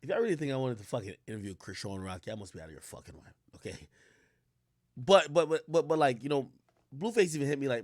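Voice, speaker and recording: A man's voice: mid-range voice, quick pace, dry recording, clean studio sound. A man streaming live, ranting casually in a profane, storytelling way. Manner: animated, profane, storytelling with quoted voices. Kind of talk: casual livestream rant.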